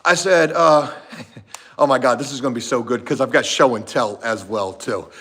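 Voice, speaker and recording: A man vlogging about his painting job, telling a story in a casual, profane, animated way, going from shouts down to mutters. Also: medium pitch, moderate pace, breathy edge. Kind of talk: casual storytelling to a live chat.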